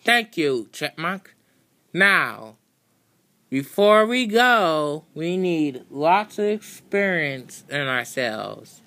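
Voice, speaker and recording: A woman hosts a homemade toy show. She announces slowly, drawing out her words like a showman, and her voice rises and falls a lot. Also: deep voice, sing-song, pushed and bright, dry recording. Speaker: host of a homemade toy video. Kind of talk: playful announcing.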